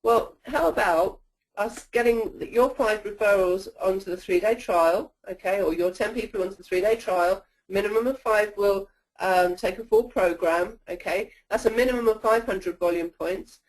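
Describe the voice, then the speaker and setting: A woman's voice: medium pitch, normal speed, poor audio. Woman coaching with frequent "okay?" check-ins. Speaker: sales trainer presenting a webinar. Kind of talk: webinar training talk.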